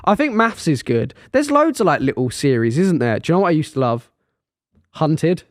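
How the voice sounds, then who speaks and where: A young man with an Essex accent chats on a podcast, his slightly high voice bouncing up and down. He laughs a lot and keeps restarting his sentences. The sound is close and dry. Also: big pitch swings, normal speed, no echo. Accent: Essex English. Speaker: podcast co-host. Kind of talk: casual chat.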